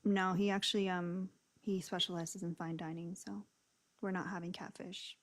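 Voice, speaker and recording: A woman co-hosting a casual livestream chat, calm and matter-of-fact. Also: fairly low pitch, moderate pace, dry recording.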